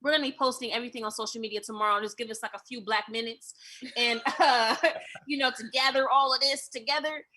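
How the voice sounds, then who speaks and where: A woman's voice: a little high, fairly even intonation, fast, sharp tone, a little hiss or hum. A woman hosting an open mic, wrapping up the show with effusive thanks and easy laughter. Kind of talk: closing remarks at a live-streamed open mic.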